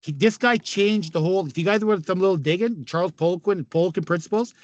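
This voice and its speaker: A raspy middle-aged man from Canada spins loud, laugh-filled stories as an interview guest. His voice sits high for a man and sounds dry and close. He swears freely. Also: quick pace, no echo, lo-fi sound. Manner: laughing often, swearing, animated anecdotes. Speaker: guest, former hockey player. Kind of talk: casual storytelling interview.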